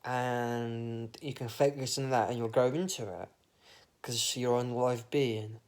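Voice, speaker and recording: A man's voice: mid-range voice, steady tone, a little slow. A man, rambling through an absurd, meandering monologue with casual swearing. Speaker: vlogger.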